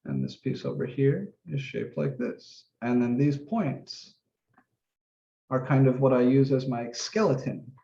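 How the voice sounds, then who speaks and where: Man, math instructor, casual step-by-step explaining, gravelly, dark mellow tone, roomy lo-fi sound. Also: medium pitch, unhurried. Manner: casual and relaxed, talks through each step, occasional mild swearing. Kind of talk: office-hour lesson, thinking aloud while drawing. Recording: roomy, dull lo-fi recording.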